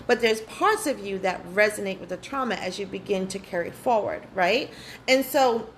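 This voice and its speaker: A woman's voice: medium pitch, moderate pace, slight background noise, low-quality recording. A woman hosting a live spiritual workshop. She talks earnestly and candidly, swears freely and often repeats her phrases. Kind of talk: live online workshop talk.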